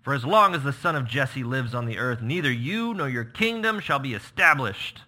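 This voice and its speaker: A man voicing an angry king who scolds his son loudly. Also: mid-range voice, expressive, moderate pace, voice pushed up. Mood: furious. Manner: loud, scolding, accusing. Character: furious older king berating his son.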